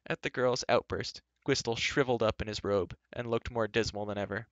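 Man reading a storybook aloud, bright, dry. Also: fairly low pitch, fairly even intonation, brisk, no echo, dull audio. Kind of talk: live book reading.

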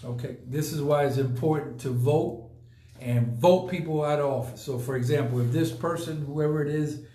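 A man with a somewhat high, mellow voice hosts a casual live podcast at a moderate pace, in an echoey room. He talks emphatically and repeats his points for effect.

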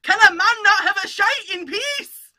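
A woman voicing a grumpy older Scottish male doctor with a Scottish accent, putting on a curt, gruff delivery for a joke. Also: very high voice, expressive, a little slow, sharp tone, a little hiss or hum, voice pushed up, exaggerated voice. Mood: irritated.

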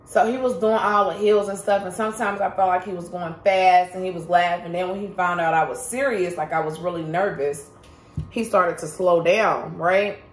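Woman vlogging, chatty and emphatic, kinda low voice, echoey room. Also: steady tone, normal speed. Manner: emphatic, chatty, addresses viewers directly. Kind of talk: casual storytime vlog. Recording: roomy echo.

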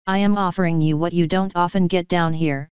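A woman reading a bold, scheming male prisoner who bargains calmly, in a dull lo-fi recording. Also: fairly low pitch, a little fast, clear, resonant tone, no echo, natural voice. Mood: bargaining.

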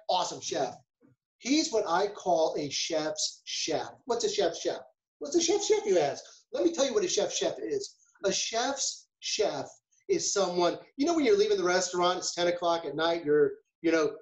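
A man's voice: high-pitched, roomy sound, dull audio. A man, a food safety chef, giving a casual webinar talk, chatty and full of rhetorical questions and storytelling asides.

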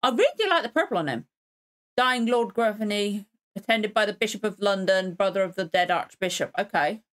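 A woman's voice: mid-range voice, a little fast, a bit bright. A woman hosting a reaction video, chatting casually and exclaiming as she watches.

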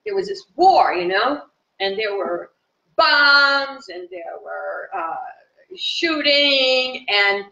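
Bright, animated woman giving a spiritual talk. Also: high voice, slow pace, gravelly. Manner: chatty and animated, with fillers. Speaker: spiritual teacher. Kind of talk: informal live talk to viewers. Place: home in the country. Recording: dull, roomy sound from a distant mic.

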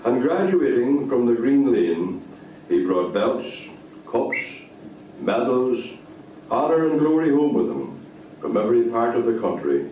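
A man reading a story aloud in a lively, expressive way. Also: mid-range voice, measured pace, a little hiss or hum. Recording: distant, echoey, phone-like lo-fi.

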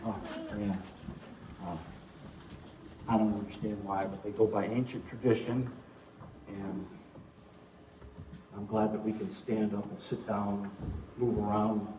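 A man's voice: on the low side, noisy background. Folksy male pastor in an echoey church. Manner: folksy storytelling with jokes. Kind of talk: sermon. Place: church sanctuary. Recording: echoey room, mic at a distance.

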